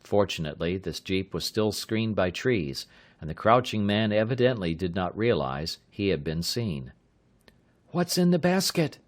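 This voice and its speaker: A man narrating an audiobook in a steady, measured reading. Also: deep voice. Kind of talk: scripted narration.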